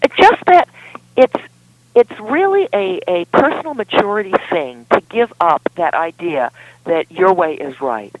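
A woman's voice: lowish voice, expressive, unhurried, no room sound, phone-quality sound. A woman relationship expert speaking as a guest in a podcast interview, explaining in an emphatic way.

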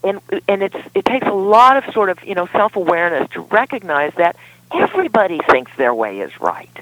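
A woman's voice: mid-range voice, sing-song, brisk, no echo, narrow, tinny audio. A woman relationship expert speaking as a guest in a podcast interview, explaining in an emphatic way.

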